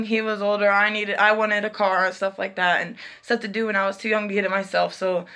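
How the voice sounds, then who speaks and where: A woman's voice: medium pitch, sharp tone. A young woman telling a personal story in a casual, chatty vlog style, acting out the voices of people she quotes. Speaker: vlogger.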